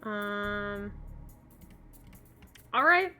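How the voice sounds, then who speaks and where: A woman's voice: mid-range voice, lively intonation, extremely slow, pushed and bright, faint music behind. A woman narrating a tabletop role-playing game as game master on a live stream, hesitant and full of fillers.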